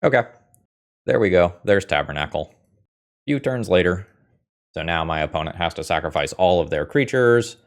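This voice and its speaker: Low-voiced man commentating a card game. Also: expressive, normal speed, pauses often. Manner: wry, thinks aloud, swears when frustrated. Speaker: gaming video host. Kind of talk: casual gameplay commentary.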